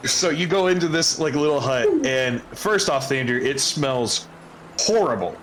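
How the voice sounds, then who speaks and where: A man's voice: mid-range voice, animated, normal speed, background noise. A man narrating as game master of a tabletop game, rambling with many fillers and laughs.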